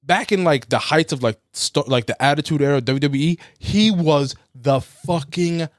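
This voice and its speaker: A man's voice: a little high, normal speed, no echo, clean studio sound. A man co-hosting a podcast, telling a long story in casual chat, swearing freely and acting out quotes. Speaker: podcast co-host.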